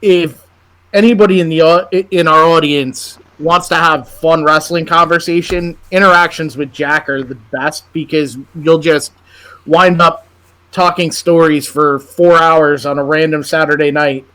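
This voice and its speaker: Podcast host guy, rambly friendly questions, slightly high voice. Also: steady tone, a little slow, bright, forceful tone. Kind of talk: casual interview chat.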